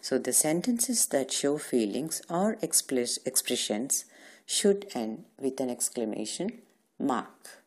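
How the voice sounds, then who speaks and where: Very low, husky woman teacher. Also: big pitch swings, takes it slowly, a little mellow. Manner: patient, asks questions and answers them herself. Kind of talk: recorded grammar lesson for young children.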